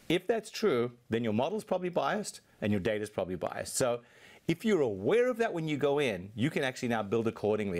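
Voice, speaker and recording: Fluent male tech executive explaining. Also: mid-range voice. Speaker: Microsoft technology executive, guest. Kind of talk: interview answers.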